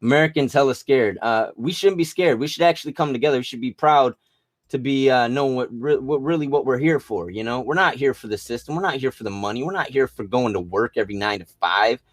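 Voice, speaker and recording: A man's voice: mid-range voice, fast talker, no echo, studio quality. A man delivering a rambling, agitated rant full of profanity and restarts. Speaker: vlogger.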